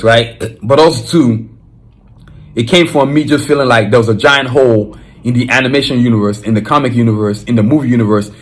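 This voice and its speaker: A man with a Nigerian accent, hosting his podcast in an emphatic, fired-up solo monologue with frequent restarts. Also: mid-range voice. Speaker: podcast host.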